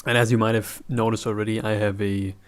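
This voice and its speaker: A man's voice: on the low side, level tone, a little fast. A man from Germany with a German accent, chatting casually as he reacts to clips and thinks aloud. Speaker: reaction video host.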